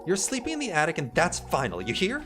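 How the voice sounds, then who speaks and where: A man voicing a stern, sharp-tongued young woman who scolds and threatens, read from game dialogue. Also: on the high side, huge pitch swings, fast, music in the background, pitched above the performer's own voice. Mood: scolding. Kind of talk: reading game dialogue aloud.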